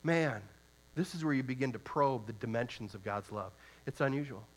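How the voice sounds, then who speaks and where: A man preaching a sermon in an earnest way, reading scripture aloud and asking rhetorical questions, moving from soft, slow reflection to loud, emphatic urging. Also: medium pitch.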